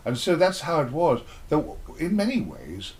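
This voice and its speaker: A man's voice: on the high side, wildly swooping pitch, normal speed, darkish tone. An older man, an actor being interviewed, reminiscing in a rambling, playful way and acting out little exchanges as he tells them.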